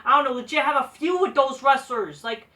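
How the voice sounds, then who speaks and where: A woman rants in an exasperated, foul-mouthed stream, her voice high and sharply bright. She sits back from the microphone, so she sounds a little distant. She swears at nearly every turn. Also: brisk. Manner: exasperated, swears constantly, mocks wrestlers in sing-song quotes. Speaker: wrestling show reviewer. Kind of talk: profane ranting commentary.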